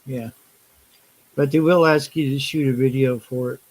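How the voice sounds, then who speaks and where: A man's voice: medium pitch, steady tone, normal speed, a little mellow, poor audio. A man on a casual live-stream chat who explains things step by step in a practical way.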